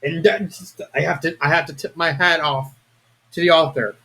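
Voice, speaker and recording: A young man giving a casual, rambling video review of a fan story, excitable and prone to restarts. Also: on the high side, moderate pace. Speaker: fanfiction reviewer.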